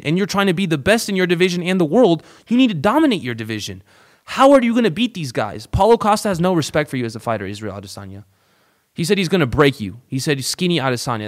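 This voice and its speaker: A man hosting a casual podcast, bluntly breaking down an upcoming fight with plenty of swearing and 'bro'. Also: medium pitch. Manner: blunt, swearing, calls listeners bro. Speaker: podcast host. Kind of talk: casual fight-prediction talk.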